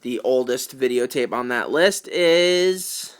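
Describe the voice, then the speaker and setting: Lively, chatty young man. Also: fairly high pitch, moderate pace. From New York. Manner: chatty, jokey asides. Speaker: video collector host. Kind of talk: casual unboxing commentary.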